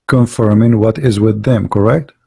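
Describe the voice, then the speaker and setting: Gravelly man hosting a debate call. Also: lowish voice, fairly even intonation, moderate pace, dark tone, no echo. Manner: hesitant, repeats words, confrontational. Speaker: online debate host.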